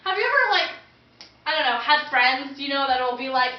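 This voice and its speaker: A woman's voice: high-pitched, animated, fairly quick. A teenage girl co-hosting a casual chat, joking and blurting out asides. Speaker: co-host. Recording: very echoey room, distant dull mic.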